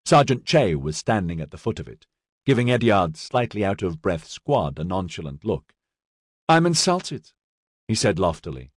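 A man narrating an audiobook in a measured, expressive reading. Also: deep voice, husky, no echo, studio quality. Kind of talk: scripted narration.

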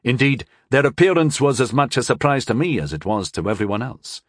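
A man voicing a wary male court wizard in an audiobook, speaking in a measured, restrained and deferential way. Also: medium pitch, sing-song, no echo, clean studio sound. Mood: guarded. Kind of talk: audiobook character voice.

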